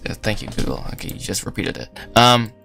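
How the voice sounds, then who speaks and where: A man's voice: lowish voice, very animated, fairly quick, vocal fry, bright, forceful tone. A young man hosting a casual livestream, talking loosely while he works, rambling, trailing off and laughing often. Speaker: livestream host. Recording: faint lofi music behind.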